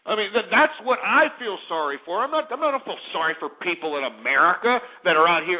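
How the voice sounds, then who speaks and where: Dude on talk radio ranting, fairly high voice, sounds like it's coming through a phone. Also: male voice, sing-song, fast, few pauses. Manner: abrasive, scornful ranting with many restarts. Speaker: radio show host. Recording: narrow phone-like radio audio.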